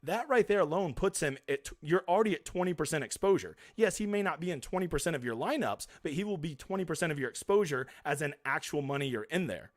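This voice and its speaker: A man's voice: a little high, lively intonation, fast talker, hardly any pauses, no echo, studio quality. A man hosting a casual live stream, reading viewer comments aloud and answering them in a chatty, blunt, emphatic way.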